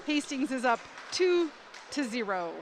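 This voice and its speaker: A woman doing live commentary at a swim meet in an indoor pool, excitable and rising to shouts at close finishes. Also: sits high, a little slow. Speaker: sports commentator. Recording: noisy poolside ambience.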